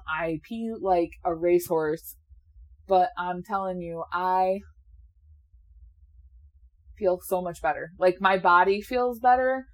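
A woman's voice: on the low side, slow, long pauses. A woman in her late twenties chatting casually and candidly, laughing often and swearing now and then, a little sleepy. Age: 20s. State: sleepy, yawning. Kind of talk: casual chat.

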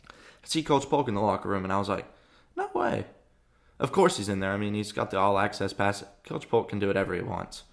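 A young man from Arkansas hosting a podcast, telling a story in a chatty, animated way with lots of fillers. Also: on the low side, fast, creaky. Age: young adult. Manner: chatty, frequent fillers and restarts, animated retelling. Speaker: podcast host. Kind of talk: casual storytelling monologue.

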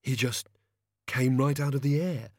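A man's voice: medium pitch, unhurried, dry recording, studio quality, voice pushed up. A man voicing a queasy, flustered male god of hangovers who gabbles and splutters.

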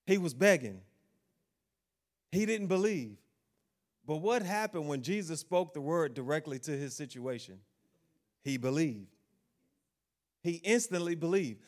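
A man preaching a sermon, asking the congregation questions and acting out the figures of the Bible story in quotes. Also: on the high side.

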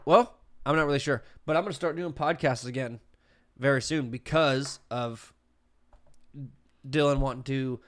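A man's voice: medium pitch, moderate pace. A man hosting a podcast in a loose, profane, casual way. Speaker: podcast host. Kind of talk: casual chat. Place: podcast room with a computer table.

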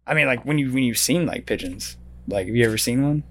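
A man's voice: medium pitch, expressive, fast, fairly bright tone. A man co-hosting a casual comedy podcast, swearing often, laughing a lot and reading conspiracy theories aloud. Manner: profane, laughing, reads conspiracy texts aloud. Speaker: podcast co-host.

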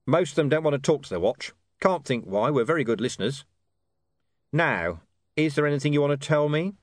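A man voicing a gruff, wary city watch commander who speaks in a dry, menacing, sardonic way. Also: a little high, lively intonation, a little fast, dry recording, voice pushed up.

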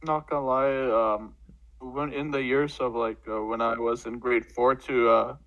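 A man's voice: mid-range voice, steady tone, a little slow, fairly bright tone, highs cut off. A young man in casual chat, teasing and joking with friends. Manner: teasing joker. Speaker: podcast co-host.

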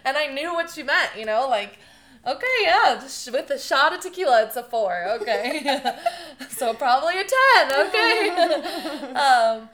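A young woman in a casual conversation, telling stories with lively bursts of laughter and swearing. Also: high voice, measured pace. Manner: animated storytelling, laughing often, swearing. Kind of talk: casual chat.

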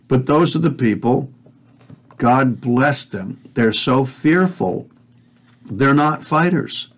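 A man in mid-range pitch hosting a talk show. He delivers a heated, preachy rant, swears freely and talks straight to his listeners. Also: takes it slowly. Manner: fiery, profane, preachy, addresses listeners directly. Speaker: podcast host.

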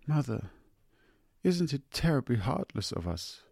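A man's voice: medium pitch, big pitch swings, unhurried, gravelly, a little mellow, breathy edge, no room sound, clean studio sound, pitched above the performer's own voice, heavily acted. A man voicing a sensitive young woman who pleads in a raised, upset voice. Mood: pleading.

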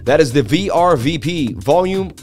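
A man hosting a live crypto chart stream, firing off excited shout-outs to his viewers and joking as he reads the chat. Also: a little high, soft background music. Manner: hyped, rapid shout-outs, jokey. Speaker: crypto livestream host.

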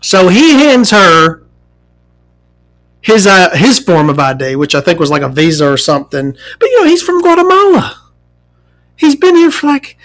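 A forty-year-old vlogger rants through a story, exasperated and swearing constantly. The pitch swings wildly, leaping high in outrage and dropping low for asides. The people in the story get mimicked along the way. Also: fairly bright tone, rough recording. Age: 40s. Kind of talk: profane ranting storytime.

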